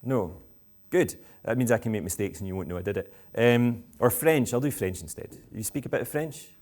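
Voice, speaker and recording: A man's voice: on the low side, a little fast, darkish tone. A Scottish man giving a talk to school parents in a playful, provocative, self-mocking way. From Scotland. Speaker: education speaker. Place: school event with live audience.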